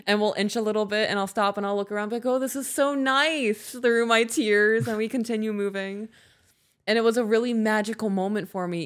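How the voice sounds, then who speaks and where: Emotional, candid woman podcaster. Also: medium pitch. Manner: candid, emotional, swears freely. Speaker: podcast co-host. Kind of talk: casual chat.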